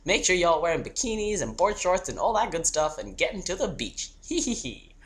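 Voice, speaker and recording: This young man in his twenties rambles through a casual holiday video message with frequent giggles. His voice has a bright, forceful edge. His delivery stays loose and chatty, talking half to a toy. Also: high-pitched, very animated, fairly quick. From Australia. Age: 20s. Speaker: vlogger.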